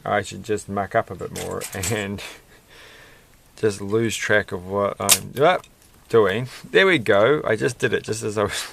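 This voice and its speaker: A man's voice: on the low side, gravelly, a bit bright, a little hiss or hum. A man chatting casually while building a Lego set, rambling and musing with a self-deprecating manner.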